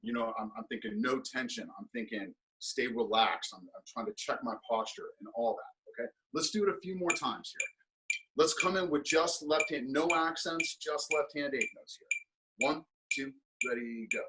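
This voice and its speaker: A male percussion instructor counts off beats and talks through his practice routine in an easygoing, unpolished manner. He speaks at an ordinary pitch, with filler words and restarts as he thinks aloud. Steady clicks and tapping sound clearly behind his voice. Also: normal speed. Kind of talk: instructional clinic, counting off while playing. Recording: steady ticking and tapping noise under the voice.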